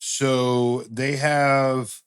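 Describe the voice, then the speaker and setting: A man's voice: mid-range voice, little pitch movement, extremely slow, clean tone. A man co-hosting a podcast in casual crude banter, swearing and cracking jokes, often breaking into laughter. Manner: profane, joking, breaks into laughter. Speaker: podcast co-host.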